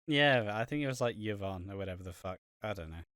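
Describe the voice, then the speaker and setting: Male podcast co-host, bright and crisp, dry close sound, loose and sweary. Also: lowish voice, animated, fast, dry recording. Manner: sweary, rambling, laughs often. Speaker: podcast co-host reviewing a soap. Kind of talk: casual podcast chat.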